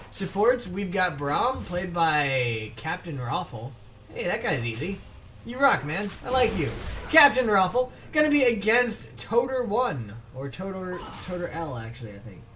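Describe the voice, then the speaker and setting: A male esports caster with a high-pitched, fairly bright voice covers a video game match alone against slight background noise. He rambles in a relaxed way and often gets tangled up in player names.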